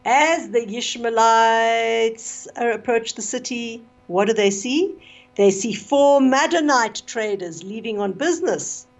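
A woman's voice: fairly high pitch, unhurried. Woman telling a story on radio. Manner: expressive retelling with fillers.

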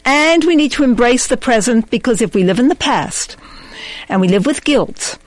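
A woman's voice: fairly high pitch, lively intonation, moderate pace, no room sound, rough recording. A woman hosting a discussion on faith and marriage, thoughtful and affirming. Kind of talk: reflective religious discussion.

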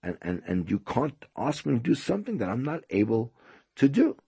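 A man's voice: medium pitch, sing-song, normal speed, creaky, warm tone, slightly rough, full character voice. A man voicing a humble holy man who insists he knows nothing. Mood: modest. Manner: pleading, self-effacing.

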